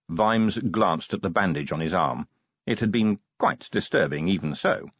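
A man narrating an audiobook in an expressive, measured storytelling manner. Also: low-pitched, slightly rough, no echo, lo-fi sound. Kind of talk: scripted narration.

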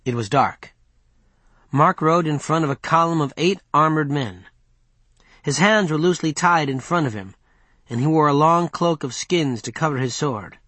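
A man narrating an audiobook in a steady, even storytelling manner. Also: mid-range voice, moderate pace, no room sound. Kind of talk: scripted narration.

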